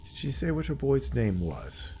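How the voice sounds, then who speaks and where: A man voicing a stern adult son who questions his mother in a slow, measured way. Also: mid-range voice, huge pitch swings, breathy edge, exaggerated voice. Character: stern adult son, cold lawyer type.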